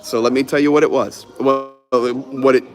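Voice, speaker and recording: A man's voice: mid-range voice, moderate pace, soft background music. A man telling a story in casual conversation, acting out the people he quotes. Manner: animated, acts out quoted voices.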